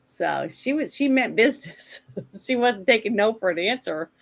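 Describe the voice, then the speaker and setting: A woman's voice: mid-range voice, lively intonation, moderate pace, vocal fry. A woman co-hosting a casual movie review podcast, retelling scenes in a rambling way with lots of asides. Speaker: podcast co-host.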